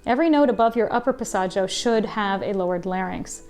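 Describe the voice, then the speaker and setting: A woman voice teacher giving a scripted singing lesson, explaining clearly and now and then demonstrating sounds. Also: mid-range voice, animated, fairly quick, darkish tone, reverberant, soft background music. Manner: clear instructive delivery with sung demonstrations.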